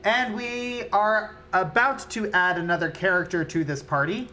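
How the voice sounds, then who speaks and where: A woman's voice: medium pitch, steady tone, normal speed, pushed and bright, slight background noise. A woman hosting a live tabletop game stream, chatting casually and teasing her players. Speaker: stream host and game master. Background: background game music.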